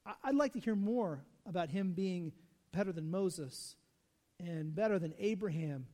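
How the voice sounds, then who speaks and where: A male pastor delivers a sermon in a relaxed, conversational style at a measured pace, tossing in asides and rhetorical questions. His high voice rings out with a long hall reverb.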